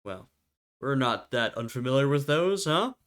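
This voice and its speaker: A man's voice: medium pitch, very animated, moderate pace, a bit bright. A man hosting a history reaction video, talking casually and laughing often as he acts out short quotes.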